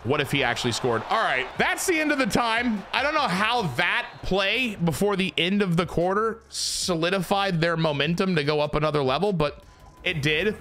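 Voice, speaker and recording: A man giving casual, profanity-laden commentary while playing a football video game, swinging between frustrated yelling and low mumbling. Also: moderate pace, slight background noise. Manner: excitable, swears a lot, swings from yelling to mumbling. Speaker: gaming YouTuber.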